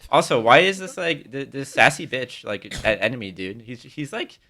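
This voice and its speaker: A man talks through a show with his co-host in a relaxed, sarcastic way, laughing as he goes. His voice sits in the middle range and has a bright, crisp edge. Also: medium pitch, normal speed. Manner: laid-back, sarcastic, laughs often. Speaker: podcast co-host. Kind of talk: casual chat reviewing anime.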